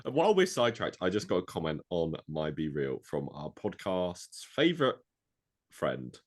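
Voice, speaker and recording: A European man in casual podcast banter, his somewhat low voice swinging widely in pitch. He teases his co-host and laughs easily, keeping the talk loose and playful. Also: very animated, moderate pace. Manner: playful, teasing, laughs often. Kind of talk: casual chat.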